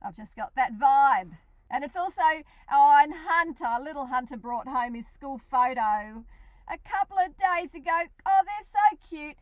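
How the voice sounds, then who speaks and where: A woman's voice: high-pitched, lively intonation, unhurried, no room sound. A middle-aged Australian woman, a regular on a radio show, chatting casually and animatedly, laughing often.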